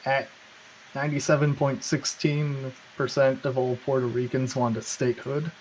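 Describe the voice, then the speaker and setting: A man's voice: medium pitch, flat delivery, moderate pace, slight background noise, poor audio. A man co-hosting a casual political chat, rambling with sarcastic asides. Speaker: podcast co-host.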